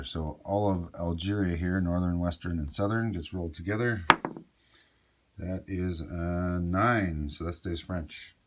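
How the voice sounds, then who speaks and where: A deep-voiced man explains a board game turn by turn in a casual, thinking-aloud way. He drops small asides to himself as he goes. A faint hiss sits under the recording. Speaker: board game player explaining a solo playthrough. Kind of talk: casual tabletop game walkthrough.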